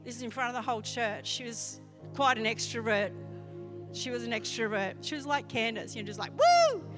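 An Australian woman pastor preaching a sermon, telling a personal testimony in an animated way. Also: a little high, fairly quick, over music. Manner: animated storytelling testimony, acting out quoted voices.

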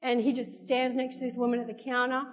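A woman preaching a sermon, telling stories lively and acting out the characters. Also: on the high side, fast. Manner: lively storytelling that acts out the characters. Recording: echoey hall with soft music.

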